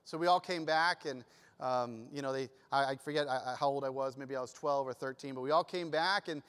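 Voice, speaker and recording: A middle-aged man preaching to a church, telling a personal story with lively swings between quiet and loud. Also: mid-range voice, a little fast, clean tone, in a large hall. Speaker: pastor. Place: church sanctuary.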